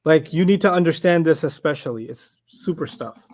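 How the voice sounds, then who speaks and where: A man leads a classroom lesson with quick, animated call-and-response. His voice sits a little high, and he talks at a brisk clip, breaking into rapid recitation. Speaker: Quranic Arabic teacher.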